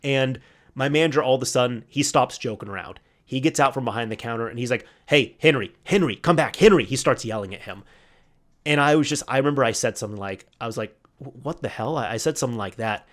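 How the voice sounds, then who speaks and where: A man's voice: medium pitch, fast. A man hosting a solo podcast, casually retelling an old workplace story, quoting coworkers in his own voice and laughing at the memory. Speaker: podcast host.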